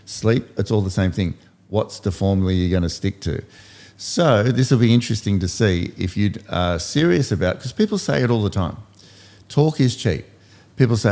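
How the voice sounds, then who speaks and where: A man's voice: deep voice, mellow. A man in his fifties hosting a podcast, coaching and telling stories in casual motivational chat, repeating points for emphasis. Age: 50s. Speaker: podcast host.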